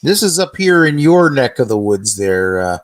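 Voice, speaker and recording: A man co-hosting a casual political chat on the radio, hesitant and filling pauses before making his point. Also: mid-range voice, very animated, a crowd in the background. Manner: hesitant, many fillers before getting to the point. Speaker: radio show co-host.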